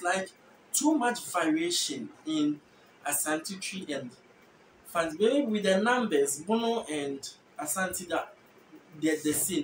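Ghanaian-accented host explaining from across an echoey room. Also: mid-range voice. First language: Efutu (Guan). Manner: thinks aloud, self-correcting, hedging asides. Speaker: host explaining language differences. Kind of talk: casual educational explainer. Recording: echoey room, distant mic, faint noise.

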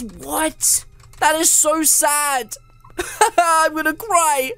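A high-voiced woman gives breathless, excitable commentary over her game, constantly reacting with surprised exclamations. Soft music plays faintly underneath. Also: very slow. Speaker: gamer.

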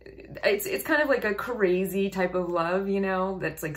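A woman's voice: mid-range voice, measured pace. A woman vocal coach and singer giving casual song reaction commentary, thoughtful, reading text aloud and laughing often.

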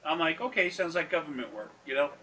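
With a loud crowd in the mix, a man of fairly high pitch and lively intonation talks at a quick pace. His casual storytelling on a recorded consultation is rambling and profane, full of laughter and acted-out quotes. Faint background noise reaches the distant mic.

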